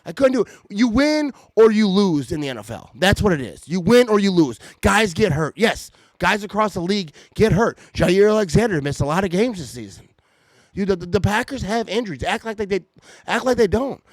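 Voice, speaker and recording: Fired-up ranting man, high lively voice. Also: a little fast, no room sound. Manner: fired-up, irritated, stammering restarts. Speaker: podcast host. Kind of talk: heated sports fan rant. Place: home at night. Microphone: podcast mic.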